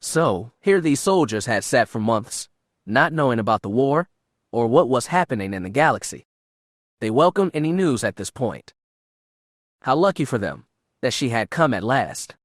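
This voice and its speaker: A man narrating an unabridged science-fiction audiobook in a steady, measured way. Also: mid-range voice, dry recording, studio quality. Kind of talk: scripted narration.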